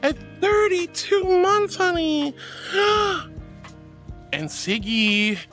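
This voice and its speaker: A woman's voice: extremely high pitch, very animated, drawn-out words, fairly bright tone, faint music behind. A woman VTuber chatting casually on a livestream, gushing thanks to her viewers with cutesy words. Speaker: VTuber streamer. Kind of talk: casual livestream chat reading chat. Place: VR streaming setup, indoors.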